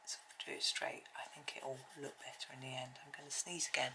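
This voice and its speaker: A middle-aged woman chatting gently and rambling while she colours, often dropping to a near whisper. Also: very deep voice, little pitch movement, a little fast, few pauses, background noise. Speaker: colouring video host. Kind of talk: soft-spoken colouring tutorial chat.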